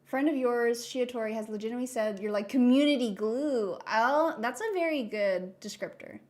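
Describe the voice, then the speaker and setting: A young adult woman chats loosely during a live drawing stream, full of little restarts and asides. She reads out messages from chat and reacts as she goes. Her talk is relaxed and conversational, close to the mic. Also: a little high, normal speed. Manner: chatty, rambling, reads chat aloud. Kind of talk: casual chat while drawing.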